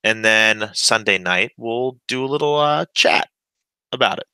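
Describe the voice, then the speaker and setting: A man's voice: lowish voice, bright, forceful tone, smooth, no room sound, low-quality recording. A man hosting a casual wrestling podcast, joking with his co-host and plugging the show. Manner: jokey, quick plugs and banter.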